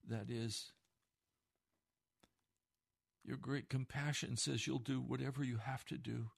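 A man preaching a sermon, moving from hushed, slow phrases to impassioned pleading. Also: medium pitch, steady tone, gravelly, slightly rough.

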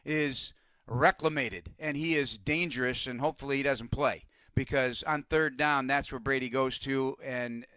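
A middle-aged man, a radio announcer calling in as a guest, talking about football in an energetic, chatty way. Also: medium pitch, moderate pace, smooth, no echo. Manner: energetic, chatty, laughs easily. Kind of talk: casual radio phone-in chat. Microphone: phone hotline.

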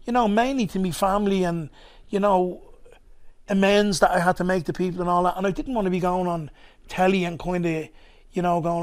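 Dublin guy, comedian on a podcast, pretty high voice, rambly casual storytelling. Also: steady tone, brisk, a little mellow. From Ballymun, Dublin, Ireland. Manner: rambling, loose, with many asides. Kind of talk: conversational storytelling.

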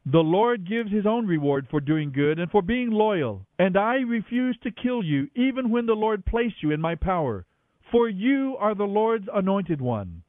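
A man's voice: high-pitched, sing-song, a little slow, dry recording, pitched above the performer's own voice. A man reading aloud and voicing a young male warrior who speaks in an impassioned, raised declamation. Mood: pleading. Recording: dry, tinny phone-like radio sound.

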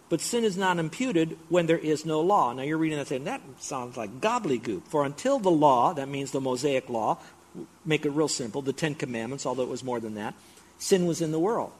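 A man's voice: fairly high pitch, animated, brisk, husky. A middle-aged man preaching a sermon, explaining scripture with emphatic, repeated build-ups. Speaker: pastor.

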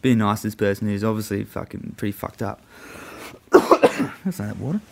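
A man's voice: fairly low pitch, lively intonation, moderate pace, gravelly, very noisy. A young man, a guest, telling a story in a profane, rambling way full of fillers. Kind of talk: casual storytelling.

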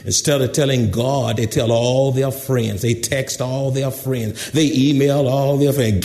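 A man preaching a sermon in an animated way, acting out gossiping people. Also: mid-range voice, moderate pace, hardly any pauses. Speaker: pastor.

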